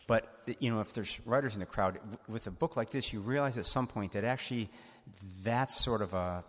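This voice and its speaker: Man, author, low voice, thoughtful, wry, long church-hall reverb. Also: a little fast. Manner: thoughtful, wry, self-deprecating. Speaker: author at a book event. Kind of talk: answering audience questions. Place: church used as event hall.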